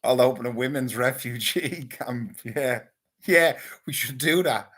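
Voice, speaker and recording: A man with a husky, slightly rough voice rambles through a casual monologue to his viewers. His talk is crude and loose, full of swearing and offhand banter. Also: medium pitch, a little slow, a bit bright. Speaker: vlogger.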